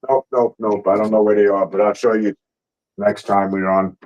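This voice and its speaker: A man's voice: lowish voice, little pitch movement, moderate pace, a little mellow. A man hosting a casual talk show from home, telling a story with frequent laughs and loose swearing. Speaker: host. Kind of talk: casual chat.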